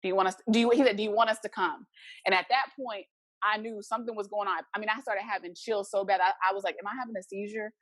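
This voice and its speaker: A woman's voice: medium pitch, fast talker, no room sound. A woman guest in an interview, telling a personal story casually and acting out the voices of the people in it. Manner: animated, acts out the voices of people in her story.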